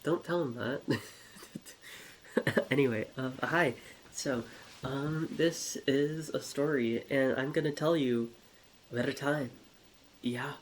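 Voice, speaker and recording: Brief: giggly guy spinning a silly story, slow and all over the place, forever restarting his sentences. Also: medium pitch, steady tone, slight background noise. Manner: scatterbrained, giggly, many restarts. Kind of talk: rambling comedic storytime.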